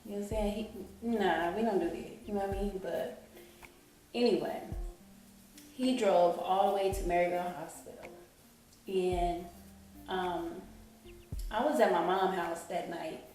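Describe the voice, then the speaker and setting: A woman's voice: lowish voice, steady tone, measured pace, pauses often, darkish tone. A woman telling an emotional personal story in a rambling storytime vlog, often saying "you know what I'm saying". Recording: echoey room, distant mic, faint music.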